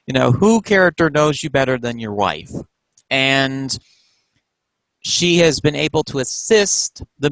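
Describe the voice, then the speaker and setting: Enthusiastic man co-host, slightly high voice, dry sound. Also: fairly bright tone, no room sound, rough recording. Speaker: podcast co-host. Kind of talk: casual wrestling chat.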